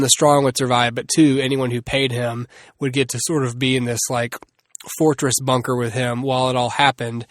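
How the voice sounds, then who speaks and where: A man's voice: medium pitch, dry recording, clean studio sound. A man hosting a solo movie review podcast, rambling and restarting often with many fillers. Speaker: podcast host.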